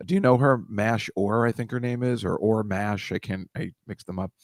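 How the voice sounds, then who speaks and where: A man co-hosts a live podcast stream, talking in a rambling, easygoing way. His voice is on the low side. The sound is dry and close. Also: fairly even intonation, moderate pace, no room sound. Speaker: podcast co-host. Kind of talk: casual live-stream chat.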